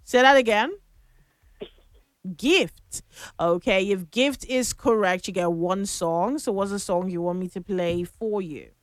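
A woman's voice: medium pitch, measured pace, dry recording, studio quality. A woman hosting a morning radio call-in show, chatting playfully with callers and laughing often. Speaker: radio host.

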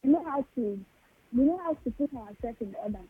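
A woman's voice: high-pitched, expressive, brisk, a loud crowd. Nigerian woman caller on a tinny phone line. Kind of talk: phone-in chat.

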